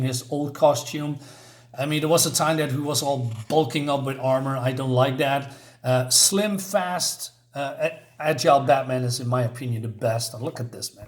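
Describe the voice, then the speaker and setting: A man casually reviewing a comic book, rambling and hesitant, often searching for words. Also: a little high. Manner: rambling, hesitant, many fillers. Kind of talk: casual comic review, reading panels aloud.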